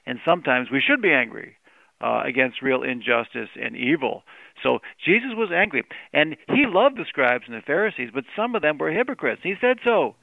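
A man, a priest and psychologist, answering questions as a radio guest in a halting way, often repeating words. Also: a little high, sing-song, creaky, no echo. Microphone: remote studio line. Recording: tinny phone line.

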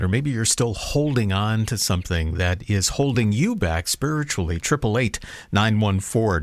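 Lively low-voiced radio host. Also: male voice, dry recording. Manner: lively, repeats phone number in sing-song. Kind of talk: radio talk show hosting.

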